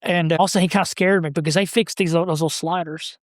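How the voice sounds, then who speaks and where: Guy rambling thru family stories, halting, dry close sound. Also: fairly high pitch, fairly even intonation, dry recording. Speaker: podcast guest. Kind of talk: casual storytelling.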